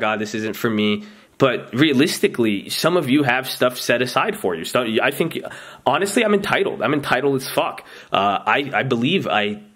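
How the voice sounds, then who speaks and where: A man's voice: medium pitch, a bit bright. Host, male, mid-range voice: loose motivational talk to viewers, rambling, restarts sentences, addresses them as you guys. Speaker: trading channel host.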